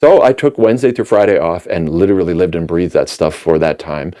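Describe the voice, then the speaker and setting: A man from Minnesota, a musician guest on a podcast, telling a story with lively acted-out dialogue. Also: deep voice, a little fast. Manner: animated storyteller acting out quoted dialogue.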